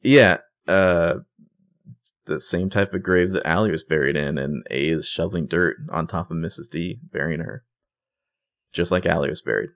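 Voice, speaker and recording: A man's voice: deep voice, normal speed. A man co-hosting a podcast, animatedly retelling scenes and acting out the quotes in casual chat. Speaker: podcast co-host.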